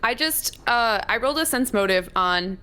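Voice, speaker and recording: A woman's voice: a little high, expressive, moderate pace, sharp tone, clear, resonant tone. Chatty woman at a tabletop game. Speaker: player.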